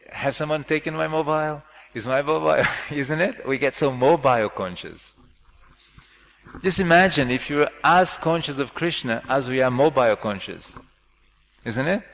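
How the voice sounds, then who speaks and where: A man giving a scripture class, explaining with lively, jokey questions to his audience. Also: medium pitch, vocal fry. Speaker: class speaker. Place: temple hall. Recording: echoey hall with faint noise.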